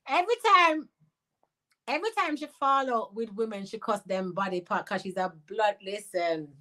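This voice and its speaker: A middle-aged woman from Jamaica with a Jamaican accent, hosting a casual livestream, talking in an animated, blunt way and mixing in patois. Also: fairly high pitch, rough recording. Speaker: livestream host reading viewer chat.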